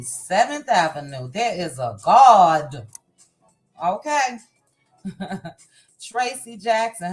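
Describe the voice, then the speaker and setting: A woman hosting a live chat show runs through a long list of viewer names in a slow, unhurried, casual way. Faint music plays softly behind her voice. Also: medium pitch. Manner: reads viewer names in a warm, chatty run of hellos. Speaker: livestream host. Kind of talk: casual livestream greetings. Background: faint background music.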